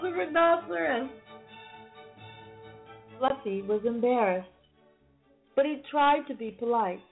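A woman reading a bedtime story to children, slow and expressive, often laughing. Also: high voice, vocal fry. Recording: phone-like lo-fi sound, faint music.

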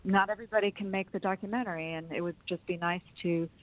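Being interviewed by phone, a woman with a lowish, steady voice tells long personal stories quickly, chatting and laughing often. The recording is dry and has phone-line sound.

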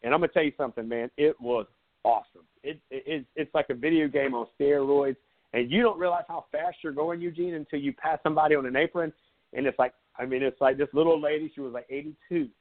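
A man in his forties from South Carolina talks at a quick pace, his fairly high voice holding a steady tone. As a sports talk host in casual live chat, he tells meandering stories with a laid-back, sarcastic edge, and the sound is tinny, like a phone call.

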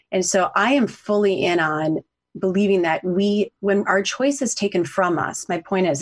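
Husky-voiced woman telling a heartfelt story. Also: fairly low pitch. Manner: earnest, heartfelt, talks through tears at times. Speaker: podcast guest, coach and author. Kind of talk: emotional personal storytelling.

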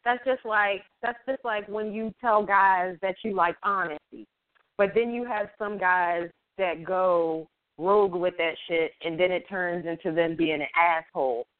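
A woman's voice: lowish voice, a little slow, dry recording. Easygoing woman reasoning with many fillers. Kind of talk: casual radio talk show debate. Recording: dry, tinny phone-like sound.

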